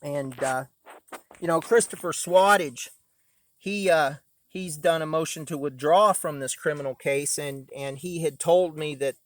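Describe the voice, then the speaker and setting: A man's voice: a little high, no echo. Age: adult. Sex: man. Style: rambling aggrieved vlog, dry sound. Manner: rambling, aggrieved, many filler uh's. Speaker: vlogger. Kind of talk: casual vlog monologue. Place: outdoors by a camper at home.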